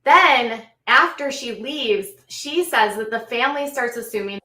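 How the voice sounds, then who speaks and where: A woman host recapping a story and adding her own commentary, in a measured way with frequent ums and self-corrections. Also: on the high side, bright, forceful tone. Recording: echoey room, voice a bit off the mic.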